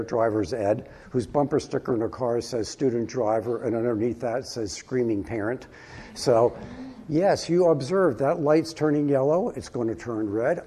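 A man delivering a sermon, his voice warm and low in brightness with a husky edge. He preaches with emphatic swells, leaning slowly on important words before dropping back to a quieter tone. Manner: emphatic preaching with rising and falling delivery, slow stresses. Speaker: pastor.

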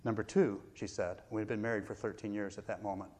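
A middle-aged male pastor preaching a sermon, telling a personal story with pauses and self-deprecating laughs. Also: on the low side, level tone, darkish tone, slight background noise.

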